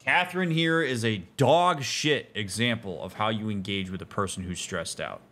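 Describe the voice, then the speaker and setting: Blunt, emphatic therapist gamer. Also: male voice, fairly low pitch, moderate pace, a bit bright. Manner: emphatic, blunt advice-giving. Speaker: therapist and gaming host. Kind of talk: casual let's-play commentary.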